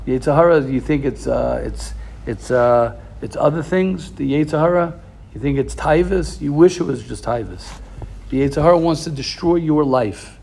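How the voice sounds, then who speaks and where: Gravelly impassioned man giving a Torah talk. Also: a little high, normal speed, a little mellow. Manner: impassioned, repetitive, addresses listeners directly. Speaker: rabbi.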